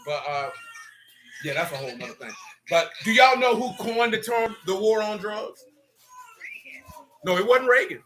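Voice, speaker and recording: A man leading a loose, joking Bible study, talking in animated, teasing slang. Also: high-pitched, normal speed, long pauses, a little hiss or hum. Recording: echoey room.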